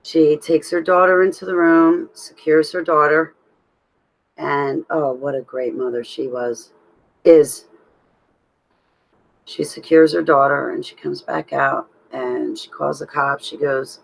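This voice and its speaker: A woman telling a personal story in a halting, rambling way, with restarts. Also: low-pitched, fairly even intonation, creaky, low-quality recording. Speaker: vlogger telling her own story.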